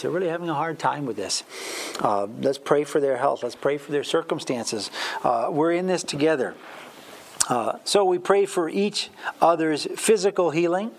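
Guy teaching bible verses, kinda high voice, rambly and chatty, pokes fun at himself. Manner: chatty and self-deprecating, with light chuckles and many fillers.

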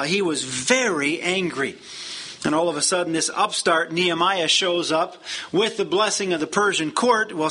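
A man's voice: high voice, sharp tone. A man teaching a Bible lesson verse by verse in a conversational, explanatory way with frequent fillers.

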